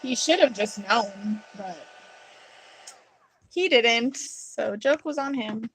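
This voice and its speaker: A woman in her thirties chatting casually through a home craft vlog, telling playful stories with bursts of giggles and sudden high squeals. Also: expressive, slow pace, fairly bright tone, a little hiss or hum. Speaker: craft vlogger.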